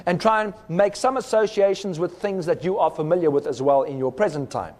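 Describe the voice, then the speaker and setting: A man's voice: high voice, a little fast, a little mellow, in a large hall. A man giving a recorded teaching talk, explaining step by step and sounding out rhythms with his voice. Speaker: speaker.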